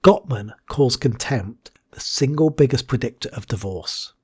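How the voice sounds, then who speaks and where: A man with a husky voice delivers a scripted educational talk as a hypnotherapist and coach. His pitch swings widely between punchy highs and low, breathy asides. He lands key words in a hushed whisper for dramatic effect. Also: lively intonation, a little slow.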